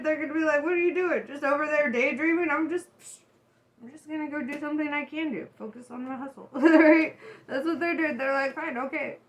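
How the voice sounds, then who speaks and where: Laughing, chatty high-voiced woman tarot reader. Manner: laughs often, swears, chatty and animated. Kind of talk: casual tarot reading to camera.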